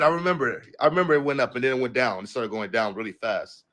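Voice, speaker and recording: Casual young male streamer, mid-pitched, profane and rambling, reads the news aloud and then comments on it. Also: fast, hardly any pauses, fairly bright tone. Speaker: livestream host.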